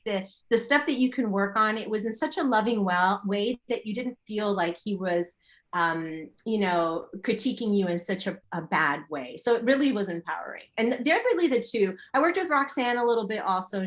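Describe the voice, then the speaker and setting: A middle-aged woman, a yoga teacher, chatting as an interview guest and telling animated stories full of her own remembered thoughts. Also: medium pitch, a little fast. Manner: animated storytelling with quoted inner thoughts. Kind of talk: casual interview chat.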